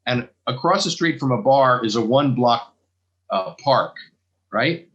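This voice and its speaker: A man's voice: mid-range voice, lively intonation, a little slow, fairly bright tone, dull audio. An American man from New York, a comedian guest, chatting casually and telling dry, self-deprecating stories. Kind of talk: casual chat, anecdotes.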